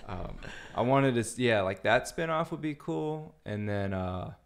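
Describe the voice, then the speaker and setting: A man hosting a podcast in a relaxed, rambling casual chat, full of fillers. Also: medium pitch, measured pace, gravelly. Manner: laid-back, rambling with many fillers. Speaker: podcast host.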